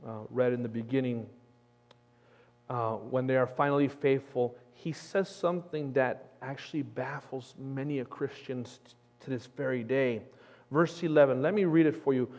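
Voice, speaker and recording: Earnest Texan pastor in a big hall. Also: male voice, medium pitch, normal speed, a little mellow, muffled recording. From Texas. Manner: earnest, emphatic preaching. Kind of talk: sermon. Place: church sanctuary. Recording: long church hall reverb.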